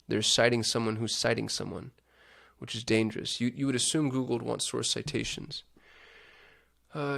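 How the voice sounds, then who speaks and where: Gravelly man thinking aloud. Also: mid-range voice. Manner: thinks aloud, chatty asides. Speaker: digital marketing host. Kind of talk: casual screen-share walkthrough.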